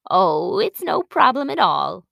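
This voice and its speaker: A woman voicing a kindly older woman neighbor in a storybook, gentle and welcoming. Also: mid-range voice, huge pitch swings, a little slow, vocal fry, no room sound, studio quality, full character voice.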